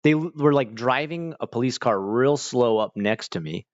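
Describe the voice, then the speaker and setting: An Australian man streaming, telling stories in a loose, rambling way, full of "like" and quick restarts. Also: medium pitch, animated, dull audio. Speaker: livestreamer. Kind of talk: casual chat.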